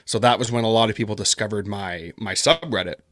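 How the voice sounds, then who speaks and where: A man's voice: fairly low pitch, fast, a bit bright, dry recording, clean studio sound. A man talking casually in an interview, rambling with lots of fillers and self-deprecating asides. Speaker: podcast guest, horror narrator.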